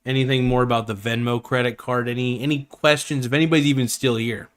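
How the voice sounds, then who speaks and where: A man's voice: mid-range voice, steady tone, fast talker. A man hosting a live stream, chatting casually in an enthusiastic, rambling and jokey way.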